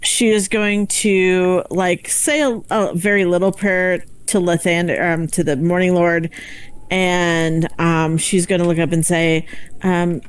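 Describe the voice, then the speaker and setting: A woman's voice: lowish voice, steady tone, measured pace, clear, resonant tone. A woman playing a tabletop game, speaking hesitantly with many fillers and giggles. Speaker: player.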